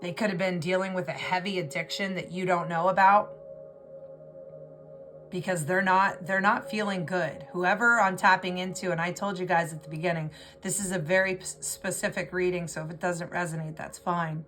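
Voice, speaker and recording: Woman, tarot reader, low-pitched voice, emotional rambling delivery, soft music behind. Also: steady tone, normal speed. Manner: rambling and emotional, repeats and restarts words. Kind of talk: intuitive tarot reading monologue.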